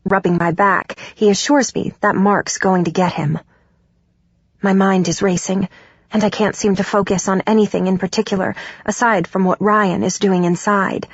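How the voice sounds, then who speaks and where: A woman's voice: mid-range voice, fairly even intonation, normal speed, husky, no echo. Woman narrating an audiobook, dry and muffled. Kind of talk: first-person audiobook narration. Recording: dull, dry studio recording.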